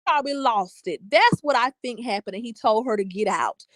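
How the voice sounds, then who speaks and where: Sassy young woman, bright voice, dry sound. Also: a little high, fairly quick, no echo. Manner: animated, sassy, emphatic. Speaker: livestream host reading comments. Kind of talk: casual commentary chat.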